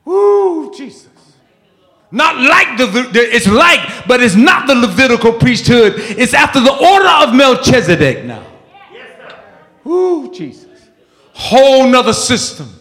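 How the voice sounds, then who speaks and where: High-voiced fervent preacher man in a hall. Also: very animated, measured pace. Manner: fervent, shouting, with frequent "uh" and "woo, Jesus" exclamations. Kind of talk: sermon. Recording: echoey hall.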